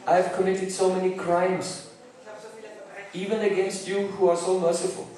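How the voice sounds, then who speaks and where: A man's voice: high-pitched, level tone, moderate pace, darkish tone, close to an everyday voice. A man voicing a repentant male thief leader who pleads humbly for forgiveness, heard from far off in a very echoey room. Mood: remorseful pleading.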